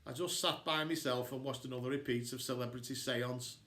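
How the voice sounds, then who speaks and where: A man reading a children's novel aloud, expressive and switching into character voices. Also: mid-range voice, fairly quick. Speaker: storybook reader. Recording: echoey room.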